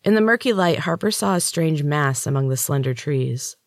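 A man, a podcast host and author, narrating his own dark fantasy story in a measured, even way. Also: on the high side, dry recording, studio quality.

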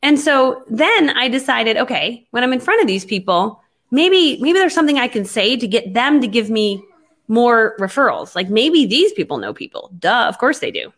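A woman telling a business story in casual conversation, animated and quick to act out her own past lines. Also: on the high side. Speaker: network marketing entrepreneur.

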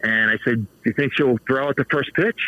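A man in his fifties telling baseball stories as a guest in a casual interview, animated and laughing often. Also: medium pitch, a little fast, no echo, highs cut off. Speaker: author and baseball manager guest.

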